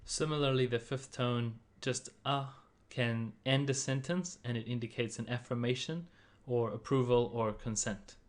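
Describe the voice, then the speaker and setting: A man's voice: medium pitch, steady tone, moderate pace. A man narrating a slide-based language lesson in an explanatory manner, voicing example sounds in varied tones. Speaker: language teacher.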